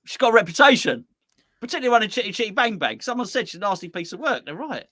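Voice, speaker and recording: A man's voice: high-pitched, big pitch swings, racing, sharp tone. A man co-hosting a football fan show from home over a video call, chatty, often stammering and restarting. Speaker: co-host of a football fan channel. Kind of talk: casual chat.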